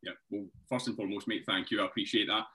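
A Scottish personal trainer, a guest on a podcast, talks earnestly and reflectively in an interview conversation, laughing often and saying "mate." His lowish voice is fast, bright and forceful, with fairly even intonation.

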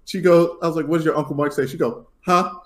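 A man's voice: a little high, fairly even intonation, racing, darkish tone. A young adult man co-hosting a podcast, laughing often as he tells a story and acts out his daughter's lines. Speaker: podcast co-host. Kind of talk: casual chat, storytelling.

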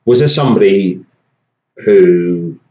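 Guy hosting a podcast, lowish voice, lots of ums, echoey dull recording. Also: animated, slow, dark tone. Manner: rambling, many fillers and restarts. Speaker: podcast host. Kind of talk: casual podcast chat. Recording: echoey room, dull lo-fi sound.

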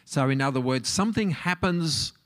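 A middle-aged man, a marriage counsellor, giving a relaxed talk and asking his audience questions. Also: on the high side, normal speed. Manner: conversational, asks the audience questions.

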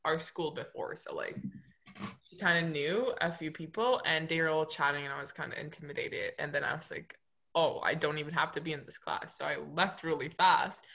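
A woman's voice: low voice, moderate pace, gravelly, a bit bright. A young woman with a Turkish accent, chatting casually with friends as a podcast co-host, full of fillers. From Turkey. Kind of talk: casual chat among friends.

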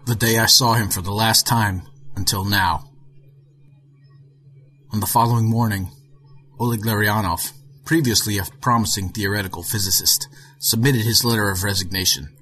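A middle-aged man narrating a short story in a measured, even way with a husky voice. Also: lowish voice. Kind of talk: audiobook narration.

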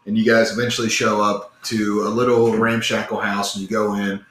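A man's voice: lowish voice, flat delivery, a little fast, a bit bright, a little hiss or hum. A man narrating a tabletop game as game master, rambling with lots of fillers, in an echoey room.

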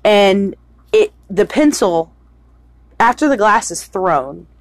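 A woman's voice: medium pitch, lively intonation, slow, no echo. A woman co-hosting a casual chat, animatedly retelling a film scene and swearing freely. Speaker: podcast co-host.

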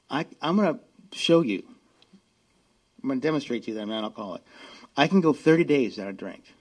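A man's voice: medium pitch, darkish tone. A man in his fifties speaking at a recovery meeting, telling a self-mocking story with a wry edge and acting out both sides of the dialogue. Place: meeting room.

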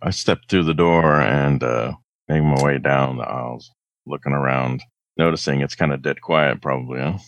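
Very deep male player, low-key, dry recording. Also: moderate pace, no echo. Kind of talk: describing his tabletop character.

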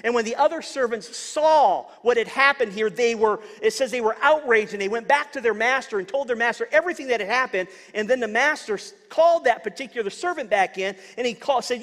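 Male pastor, higher voice, earnest sermon delivery with stumbles and repeats, long hall reverb. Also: animated, brisk, hardly any pauses, fairly bright tone. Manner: earnest, repeats words when searching for them.

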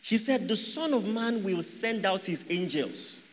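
A man's voice: high voice, expressive, measured pace, a bit bright, slight background noise. A man preaching a sermon, asking the congregation rhetorical questions and joking with them. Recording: long hall reverb.

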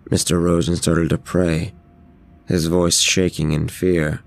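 A man reads a scripted horror story in a measured, steady delivery. His voice sits extremely low and has a gravelly texture. The melody stays flat throughout.

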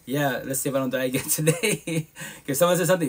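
A man's voice: fairly high pitch, fast, breathy edge. A man hosting a live podcast stream, talking bluntly and profanely in a casual monologue, with emphatic asides. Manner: blunt, profane, emphatic talk with frequent laughs.

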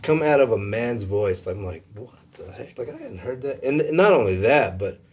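A man telling a personal faith story in a casual conversation, emotional and halting, with many fillers. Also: medium pitch, sing-song.

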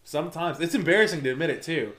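A man in casual chat, animated, swearing and saying "dude" often. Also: on the high side, fast, a little hiss or hum. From United States. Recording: echoey room.

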